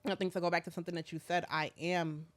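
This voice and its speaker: A woman in her thirties, a school principal, talking in a soft, halting way with many fillers during an emotional interview conversation. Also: on the low side, level tone.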